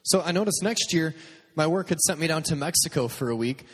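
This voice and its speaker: A man's voice: a little high, expressive, fairly quick, slightly rough, in a large hall. A man hosting a podcast, giving a message through humorous, self-deprecating personal stories and acting out what people said. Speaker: youth speaker and podcast host. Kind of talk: storytelling sermon.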